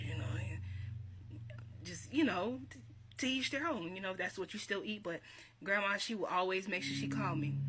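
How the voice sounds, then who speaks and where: Chatty woman, low voice. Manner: chatty, reminiscing, laughs often, repeats herself. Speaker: vlogger. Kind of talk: casual encouraging talk. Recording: steady background hiss.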